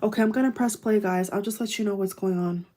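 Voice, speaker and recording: A woman's voice: medium pitch, steady tone, quick pace, dark tone. Chatty woman live-streaming a casual reaction. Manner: chatty and effusive, many fillers, addresses viewers as guys. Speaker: YouTuber doing a live reaction. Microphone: wireless earbuds.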